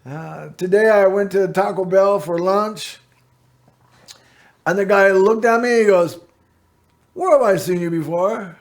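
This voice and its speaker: A middle-aged man hosts his own local TV show and talks straight to the camera. His voice sits high and he takes his time. He drifts from one story to the next, padding his talk with "you know" and "anyway.". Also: unhurried, pauses often. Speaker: host of a local access TV show. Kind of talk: rambling personal monologue to camera.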